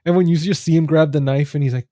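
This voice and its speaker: Mellow, dry-voiced laid-back man. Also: a little high, fast talker, dry recording. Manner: relaxed, laid-back, says dude and like often. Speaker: podcast co-host. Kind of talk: casual movie chat.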